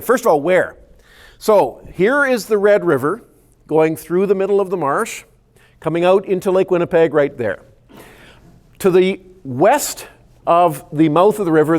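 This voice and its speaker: A man's voice: sits high, expressive, unhurried. A man who is a scientist, giving an explanatory public presentation with slides and often repeating words as he restarts a sentence. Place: community meeting room.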